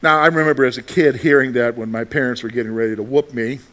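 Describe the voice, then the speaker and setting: A middle-aged man preaching a sermon, asking the congregation rhetorical questions and swinging between loud emphasis and quiet asides. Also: mid-range voice, fairly even intonation, fast talker. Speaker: pastor.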